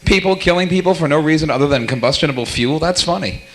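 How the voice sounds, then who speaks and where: Young male stand-up, slightly high voice, quick teasing crowd work, live cafe set. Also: a bit bright. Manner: rapid, jokey, teasing the audience. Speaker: stand-up comedian. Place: small cafe club, live audience.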